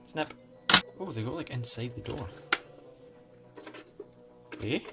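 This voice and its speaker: A man with an excitable, chatty manner and self-mocking asides, giving casual unboxing commentary as a toy collector vlogger. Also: mid-range voice, slow pace. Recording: music playing underneath. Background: background music.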